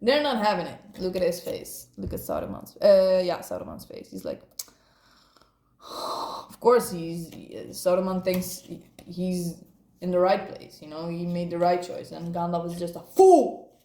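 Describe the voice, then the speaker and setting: A woman's voice: on the low side, normal speed, dark tone, echoey room. A woman doing a casual, playful tarot card reading, rambling and laughing often.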